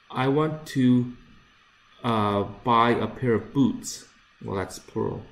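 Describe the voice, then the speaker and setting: A man teaching English pronunciation, repeating each word slowly and carefully, with frequent fillers. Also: medium pitch, vocal fry. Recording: echoey room.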